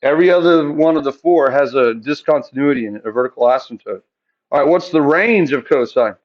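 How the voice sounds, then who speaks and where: A man's voice: medium pitch, brisk, dull audio. Man teaching math to a class. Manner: asks the class questions and answers them himself. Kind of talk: classroom lecture.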